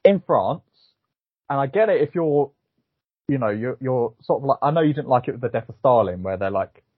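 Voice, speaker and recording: Man, film podcast co-host, husky low voice, tinny phone-like sound, rambling with fillers. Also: expressive, a little fast, no echo. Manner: rambling, filler-heavy, hesitant. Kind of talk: casual film review chat. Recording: phone-like thin sound, dry.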